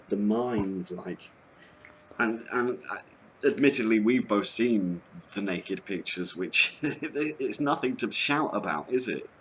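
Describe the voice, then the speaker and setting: A man with a very low voice chats as a guest. He speaks in halting bursts, stopping and restarting his thoughts, and throws in crude jokes. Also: a bit bright, a little hiss or hum. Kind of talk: casual podcast chat.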